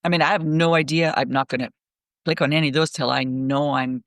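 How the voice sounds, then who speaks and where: A middle-aged woman on a remote call, telling stories in a rambling, animated way, full of restarts. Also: low-pitched, brisk, dry recording, studio quality. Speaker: guest speaker. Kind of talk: casual podcast conversation.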